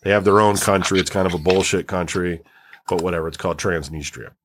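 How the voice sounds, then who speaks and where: Low-voiced man explaining in casual chat. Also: steady tone, fast talker, fairly bright tone, a little hiss or hum. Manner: rambling, many fillers and restarts.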